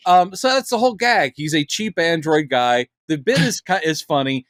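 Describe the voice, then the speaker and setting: A man co-hosting a casual film review podcast, talking animatedly and slipping into quick impressions of quoted lines. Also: a little high, expressive, fairly bright tone, no room sound, clean studio sound. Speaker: podcast co-host.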